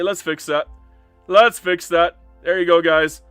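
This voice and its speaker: A man live-streaming a game, his voice bright and forceful and set somewhat high. He talks in a lively, swinging way, turning from joking to earnest as he chats with his audience, a little emotional and upset. The sound is dry and close, with faint music under it. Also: a little slow, no room sound. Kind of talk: casual live-stream commentary.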